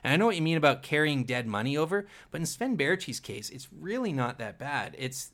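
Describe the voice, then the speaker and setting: Relaxed man co-hosting a podcast. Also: on the high side, a little fast. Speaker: podcast co-host. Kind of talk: casual sports chat.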